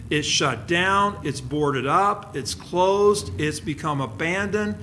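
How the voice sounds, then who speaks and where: A man delivers a sermon in a fairly high, bright voice. He takes his time, drawing out phrases and reading scripture with dramatic weight. On key words his voice drops to a near hush. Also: slow pace, slight background noise. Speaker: pastor.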